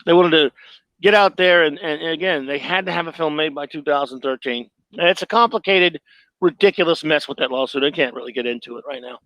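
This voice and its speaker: Sarcastic high-voiced man reading a review. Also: brisk, fairly bright tone, no room sound, lo-fi sound. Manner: sarcastic, rambling, self-mocking. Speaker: host reading his own film review. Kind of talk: live stream commentary reading.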